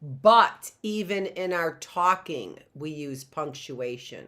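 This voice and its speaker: A woman's voice: deep voice, expressive, slow, sharp tone. A middle-aged woman teacher giving a chatty, playful online lesson, often exclaiming. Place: home classroom setup.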